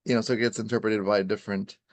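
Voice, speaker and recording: A man's voice: fairly low pitch, level tone, racing, dry recording. A man who practises Ayurveda, explaining in a rambling, casual way, full of "you know" and "right?" and little acted-out quotes.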